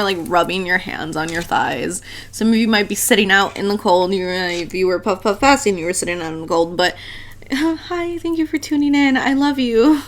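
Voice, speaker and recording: Woman doing a tarot pick-a-card reading, chatty, blunt, swears a lot, laughs easy. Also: medium pitch. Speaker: tarot reader. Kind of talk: casual tarot reading to viewers.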